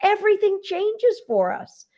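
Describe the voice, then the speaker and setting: A woman's voice: very high-pitched, big pitch swings, measured pace, dark tone. A woman dog trainer hosting a casual live Q&A, chatty and emphatic, talking straight to her viewers. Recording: dull lo-fi sound.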